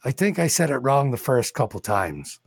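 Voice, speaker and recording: A man's voice: medium pitch, very animated, normal speed, gravelly, slightly rough, dry recording, studio quality, full character voice. A man doing a fawning, overly polite barkeep. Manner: overly courteous, sly insults slipped in. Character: polite fawning tavern barkeep, male adult.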